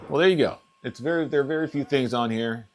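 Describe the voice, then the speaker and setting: A man's voice: mid-range voice, fast talker. A man hosting a casual live unboxing stream at home, thinking aloud and trailing off as he reads through settings. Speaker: RC hobby channel host.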